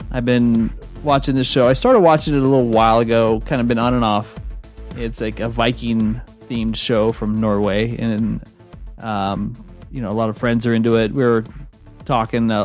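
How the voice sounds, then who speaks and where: Joking male podcast co-host. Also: mid-range voice. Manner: loose, joking, mimics accents for fun. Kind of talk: casual chat.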